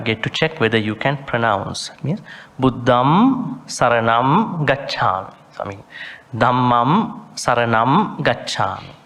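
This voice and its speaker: Male monk as sutta teacher, slow and deliberate, careful Pali recitation, mid-pitched. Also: fairly bright tone. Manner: slow, deliberate, sounds out Pali words and recites them with care. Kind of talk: Pali study lesson.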